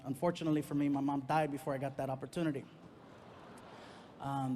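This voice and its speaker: A middle-aged man doing stand-up comedy storytelling, animated and breaking into yelling when acting out anger. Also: fairly high pitch, a little hiss or hum.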